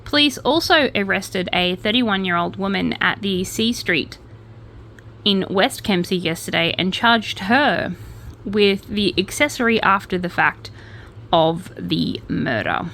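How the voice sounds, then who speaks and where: A woman's voice: medium pitch, unhurried, fairly bright tone, slight background noise. An Australian woman casually reading out crime news with wry asides and self-corrections.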